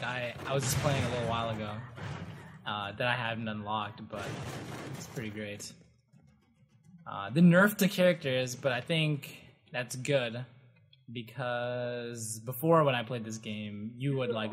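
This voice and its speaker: Excitable man narrating his gameplay. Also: medium pitch, background noise. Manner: excitable, loose and rambling, with frequent exclamations. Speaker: gaming channel host. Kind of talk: casual gameplay commentary.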